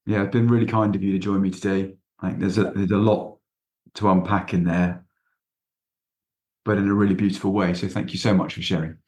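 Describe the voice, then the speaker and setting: A male podcast host thanks his guest in a gentle, appreciative way, with a few hesitant fillers. His voice sits fairly low. The room rings with a noticeable echo. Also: flat delivery, a little fast. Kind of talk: interview conversation. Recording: echoey room sound.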